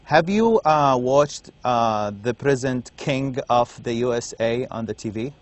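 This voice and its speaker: Male lecturer, middle pitch, unhurried classroom delivery that keeps checking understanding. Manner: explains slowly, checks in with "okay?" often. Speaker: university lecturer.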